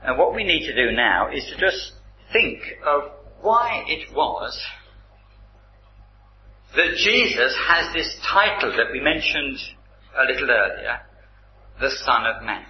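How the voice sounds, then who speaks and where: A man preaching at an unhurried pace, his pitch rising and falling widely as he stresses each point. He reads scripture aloud with deliberate weight. The recording is roomy and slightly dull, with faint noise behind. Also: lively intonation. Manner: slow, deliberate and emphatic, reading scripture aloud. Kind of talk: sermon.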